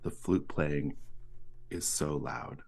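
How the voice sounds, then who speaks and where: Male game master with an extremely low voice, measured scene narration. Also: creaky, a little mellow. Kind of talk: narrating a tabletop horror game.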